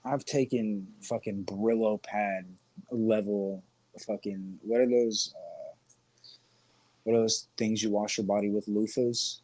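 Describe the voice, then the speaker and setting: Husky-voiced man rambling crude jokes. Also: on the low side, fairly even intonation, slow, a little mellow. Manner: rambling, profane, joking, laughs often. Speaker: podcast co-host. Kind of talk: crude casual chat.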